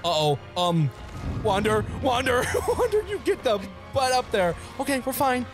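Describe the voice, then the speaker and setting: A man's voice: sits high, sing-song, brisk, gravelly. A man hosting a gaming video, chatting casually over gameplay, playful and giggly as he teases the enemy he is fighting. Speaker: gaming channel host. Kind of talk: casual let's play commentary. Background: game music.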